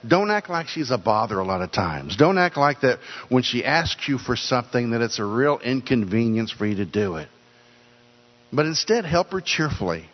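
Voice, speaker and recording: Older guy giving a sermon, earnest, repeats himself, mid pitch, long hall echo. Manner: earnest, repeats phrases for emphasis. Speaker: preacher. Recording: dull sound with long hall reverb.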